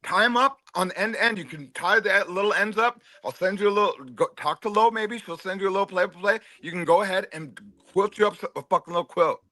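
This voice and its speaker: Brash, profane man with a bright voice. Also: sits high, quick pace, hardly any pauses, no room sound. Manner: profane, taunting, confrontational. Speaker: stream panel co-host. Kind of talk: heated casual stream chat.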